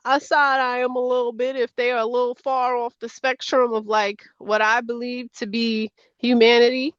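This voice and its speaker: A woman, a tarot deck creator, chatting casually as a guest in an animated, rambling way over a video call. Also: no room sound. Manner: animated, rambling, quick pitch jumps. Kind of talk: casual chat. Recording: dull, dry lo-fi audio.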